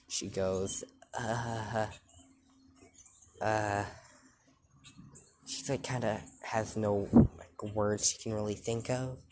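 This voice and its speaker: A man casually retelling his own fan-fiction story, slow and rambling. He stops and restarts often and leans on fillers as he works out what happens next. Faint noise hums behind him. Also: on the low side, fairly even intonation. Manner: rambling, halting, full of fillers.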